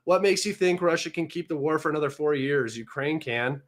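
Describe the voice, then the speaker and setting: Sarcastic, fast-talking man on a livestream. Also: a little high. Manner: mocking, sarcastic, combative; excitable, manic. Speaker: livestream host. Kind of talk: casual livestream commentary.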